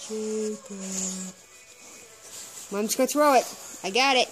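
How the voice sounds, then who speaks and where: A woman's voice: mid-range voice, slow pace, a bit bright, faint music behind. A woman filming her dog in its kennel and talking to it in sing-song, coaxing baby talk, with plenty of repetition. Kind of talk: casual video talking to a pet.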